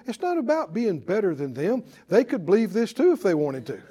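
A man preaching a sermon in a high-pitched voice. He drives home lines by repeating them emphatically and calls on listeners to respond. At times he eases into a quieter, conversational telling. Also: wildly swooping pitch, a little fast, hardly any pauses, breathy edge. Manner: emphatic, repeats declarations for the congregation.

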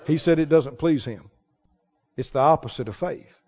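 A man preaching a sermon, telling a Bible story with lively, acted-out dialogue. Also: on the high side, normal speed. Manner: animated storytelling, acting out the people in the tale. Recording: reverberant hall, somewhat dull sound.

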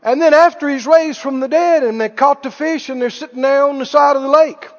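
Male pastor preaching, high lively voice, acts out Bible dialogue, dull reverberant hall recording. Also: fairly quick. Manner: animated preaching, acting out Bible dialogue, chuckling. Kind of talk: sermon.

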